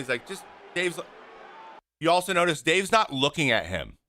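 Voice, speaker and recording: Bright-voiced animated male host. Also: on the high side, moderate pace, slight background noise. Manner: animated, acts out what players say; exasperated, blunt. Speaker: host, former pitcher. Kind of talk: casual video breakdown commentary.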